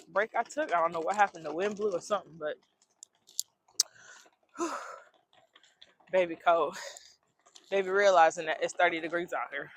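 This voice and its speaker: A woman's voice: fairly low pitch, rough recording. Sniffling woman vlogging on a cold street. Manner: chatty, joking, talks to viewers as y'all. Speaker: travel vlogger. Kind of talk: casual vlog chat. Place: outdoors on city streets. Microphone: phone camera held while walking.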